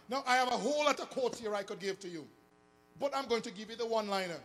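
A man preaching a sermon, swinging between sung, shouted emphasis and hushed asides. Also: sits high, fast talker. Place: church hall. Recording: long church reverb with faint music.

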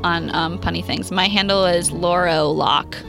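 A woman co-hosting a radio show, chatting casually in an expressive, giggly, teasing way. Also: lowish voice, unhurried, vocal fry, music in the background. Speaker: radio co-host. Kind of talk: casual chat.

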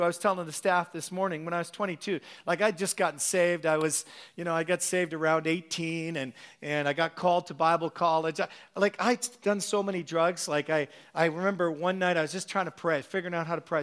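High-voiced preacher telling his story. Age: middle-aged. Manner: animated, acts out quotes in his story. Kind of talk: sermon storytelling.

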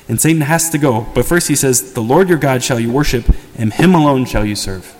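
A man's voice: mid-range voice, a little fast, few pauses, darkish tone. Male parish priest, conversational earnest sermon, long church reverb.

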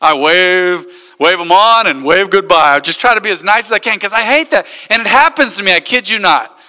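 A man's voice: high-pitched, expressive, brisk, pushed and bright, long reverb tail. A man, a pastor, preaching a sermon and telling stories with acted-out quotes. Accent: American.

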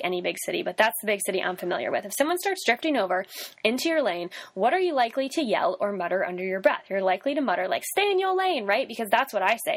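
A woman's voice: mid-range voice, dry recording. Casting: woman in her twenties, podcast host, chatty and loose, fillers galore, dry close sound. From Northern Virginia / Washington DC area. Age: 20s. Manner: chatty, peppered with "like" and "um". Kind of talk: casual solo podcast monologue.

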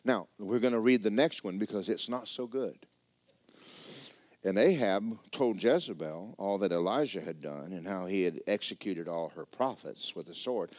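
A man's voice: on the low side, moderate pace, a little mellow, dry recording. A man preaching a sermon as pastor, folksy and joking, repeating words for effect.

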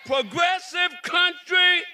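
A man's voice: extremely high pitch, takes it slowly, some chatter behind. A man from South Carolina with a Southern drawl, a reverend and lawmaker giving a preacherly rally speech outdoors in the cold. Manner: preacherly, repeating himself, shouting. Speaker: reverend and state representative.

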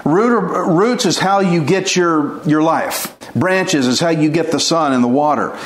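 A man's voice: fairly high pitch, a little slow. A man preaching an informal sermon, earnest and pleading, with folksy chuckles. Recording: echoey room.

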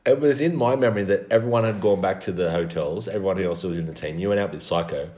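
A man's voice: deep voice, fast talker, dark tone. A man hosting a casual podcast, prompting his guest with teasing questions. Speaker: podcast host. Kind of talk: casual chat.

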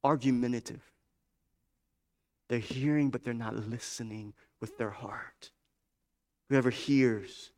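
A man's voice: medium pitch, measured pace, long pauses, a little mellow. A man preaching a sermon, building emphasis through repetition and direct questions to the congregation. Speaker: pastor.

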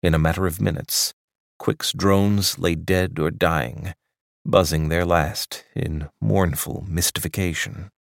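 Male audiobook narrator, very low voice, dry close sound, measured delivery. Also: fairly even intonation, creaky, no room sound. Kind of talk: literary fiction narration.

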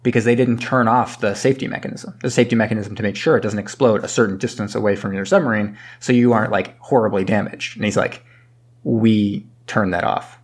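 A man's voice: fairly low pitch, steady tone, a little fast. A man casually recapping a movie plot, rambling and acting out characters' lines with the odd swear. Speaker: podcast co-host.

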